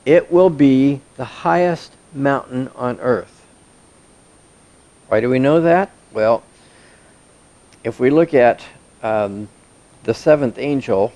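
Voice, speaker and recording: A man leads a Bible class, reading scripture aloud and then breaking it down in plain words. He asks his listeners questions and points them to a diagram as he goes. His voice sits at an ordinary middle pitch for a man. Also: darkish tone. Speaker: Bible teacher. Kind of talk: verse-by-verse Bible teaching.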